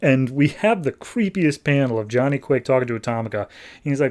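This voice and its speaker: A man's voice: medium pitch, animated, fairly quick, darkish tone. A man hosting a podcast, recapping a comic issue in a casual, chatty, wry way. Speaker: podcast host.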